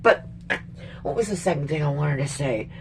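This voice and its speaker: A middle-aged Canadian woman in a heated, swearing vlog rant, emphatic and exasperated, rambling with sudden jumps in pitch. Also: lively intonation, moderate pace, background noise. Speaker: vlogger. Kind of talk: casual angry political rant.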